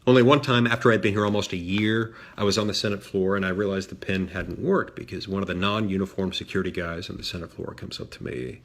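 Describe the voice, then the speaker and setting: A man's voice: sits low, fairly even intonation, fast talker, few pauses, fairly bright tone, a little hiss or hum. A man serving as a senator, telling a story in a dry, self-deprecating way with frequent fillers and restarts. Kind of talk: storytelling talk.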